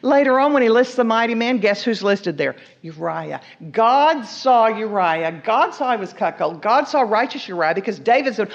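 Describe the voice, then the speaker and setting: A woman preaching a sermon, telling the story with lively asides, acting out the characters' lines and asking the listeners questions. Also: medium pitch, moderate pace, gravelly. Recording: dull lo-fi recording.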